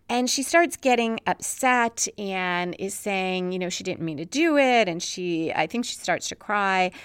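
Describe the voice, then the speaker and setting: A woman's voice: mid-range voice, lively intonation, measured pace, clear, resonant tone, no echo. A woman hosting a casual recap of a TV episode, retelling scenes in a conversational way. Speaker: podcast host recapping a TV episode.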